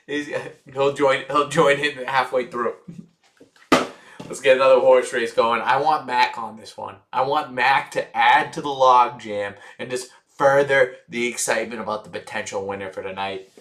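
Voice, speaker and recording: A man's voice: medium pitch, steady tone, moderate pace, a bit bright. A young man hosting a live stream, chatting casually, cheering and teasing his viewers. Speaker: livestream host.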